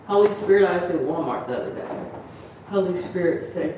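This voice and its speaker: An older woman gives an earnest, rambling testimony at a church meeting, acting out the voices of people she quotes. Her voice is lowish and brisk with lively intonation. It's recorded from far off in a very echoey room with faint noise.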